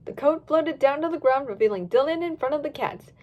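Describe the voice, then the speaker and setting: Woman reading a lively storybook. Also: sits high, fairly quick, muffled recording. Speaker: reader. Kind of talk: storybook narration of fan fiction.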